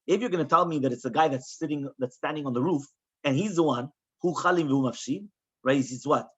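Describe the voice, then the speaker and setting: A man's voice: on the high side, fast talker, husky, lo-fi sound. A man teaching a Talmud class as a rabbi, explaining the text with lots of rhetorical questions and quoted Hebrew and Aramaic.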